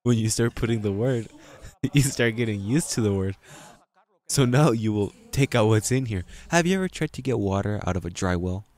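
Emphatic low-voiced male pastor preaching. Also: animated, normal speed. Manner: emphatic, repetitive, swings into loud peaks. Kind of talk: sermon.

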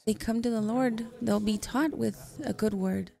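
A woman interpreting a sermon into English live, speaking in short measured phrases with a gravelly voice. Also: a little high, fairly even intonation, dark tone, soft background music.

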